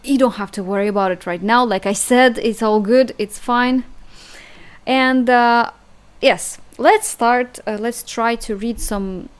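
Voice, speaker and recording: Russian-accented woman teaching slowly. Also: a little high, clean tone. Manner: hesitant, chatty, laughs at herself, drawn-out sound demonstrations. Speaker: language teacher. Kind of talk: casual online language lesson.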